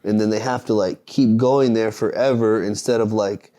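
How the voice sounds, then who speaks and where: Low, mellow-voiced man, blunt and profane. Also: fairly even intonation, normal speed. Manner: blunt and profane, rambling motivational talk. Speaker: podcast guest. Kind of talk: casual podcast conversation.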